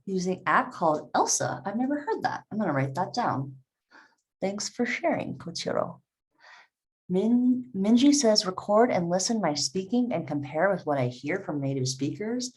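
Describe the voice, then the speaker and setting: A woman's voice: mid-range voice, expressive, moderate pace, darkish tone. A woman teaching a live online English class, reading out learners' comments and encouraging them. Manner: encouraging, reads chat comments aloud.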